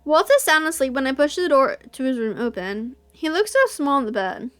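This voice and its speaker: A woman's voice: sits high, expressive, brisk, fairly bright tone. A young woman reading a visual novel aloud, narrating as the heroine and gushing in reaction. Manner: squeals and gushes when reacting.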